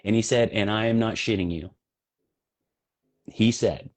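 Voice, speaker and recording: A man's voice: lowish voice, unhurried, pauses often, a little mellow. A man on a podcast, telling stories bluntly and swearing as he talks. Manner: blunt, profane storytelling. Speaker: podcast guest, health coach. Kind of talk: casual podcast conversation.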